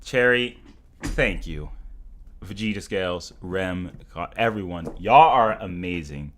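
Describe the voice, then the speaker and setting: A young man hosting a live stream, excitable and stammering, swinging between shouts and mumbles. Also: low voice, takes it slowly, pauses often. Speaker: livestream host. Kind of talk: casual live stream chat.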